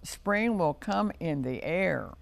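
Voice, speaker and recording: A man doing a gentle mother rabbit. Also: a little high, lively intonation, slow pace, vocal fry, full character voice. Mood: soothing.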